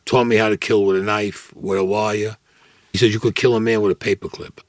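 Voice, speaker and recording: Speaking a little fast in a lowish voice with little pitch movement, this man, a Brooklyn-born Vietnam veteran, tells war stories in an interview. The recording is dry, and his delivery is gruff, blunt street talk as he acts out the dialogue.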